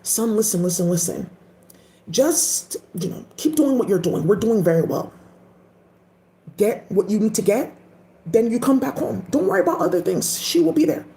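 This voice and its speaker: A woman's voice: mid-range voice, expressive, normal speed, dark tone, roomy sound, close to an everyday voice, rough recording. A woman voicing an older father who brushes off his son's worries, dismissive and soothing.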